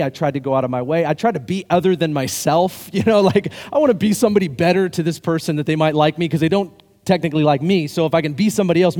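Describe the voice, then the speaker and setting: A man's voice: a little high, warm tone, big-room sound. A male pastor giving a sermon in a conversational, self-deprecating way, with light laughs between points.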